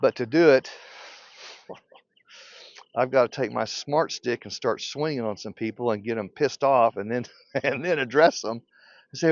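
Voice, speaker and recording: An older man rants with fire and blunt provocation, and he laughs often as he speaks. His pitch leaps up and down with animated swings. The recording sounds dull and lo-fi, with a dry, close sound. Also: normal speed, pauses often, no echo. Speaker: beekeeping teacher. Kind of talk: passionate unscripted rant.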